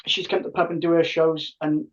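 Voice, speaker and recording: Man, fifties, lively storyteller, muffled lo-fi sound. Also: a little high, brisk, recorded from a distance. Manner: animated, acts out quoted dialogue. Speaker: podcast guest, tribute band singer. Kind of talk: casual storytelling. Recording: muffled lo-fi audio.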